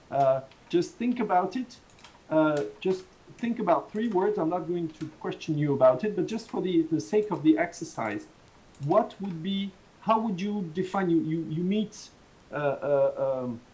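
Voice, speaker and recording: A man's voice: on the high side, mellow, poor audio. A man from Southern France with a Southern French accent, giving an online university lecture in a rambling, restarting way with small chuckles. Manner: rambling, many restarts, chuckles between points. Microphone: video call.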